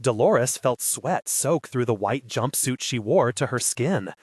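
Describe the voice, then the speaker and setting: A man reading an audiobook as its narrator, in a steady, measured storytelling voice. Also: mid-range voice, breathy edge, no room sound, studio quality. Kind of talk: scripted narration.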